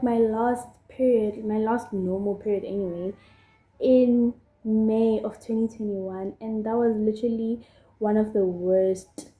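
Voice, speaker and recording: A young South African woman talks slowly and casually while doing her makeup, rambling through her story with plenty of fillers. Her voice sits a little high but sounds dark and mellow. The room around her gives it a clear echo. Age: young adult. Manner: chatty and rambling, with many fillers. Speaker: vlogger. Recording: echoey room.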